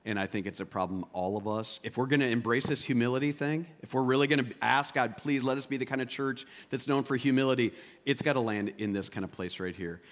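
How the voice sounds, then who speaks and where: A man preaching a sermon as pastor, swinging between loud emphatic peaks and quiet, intimate asides. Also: fairly low pitch.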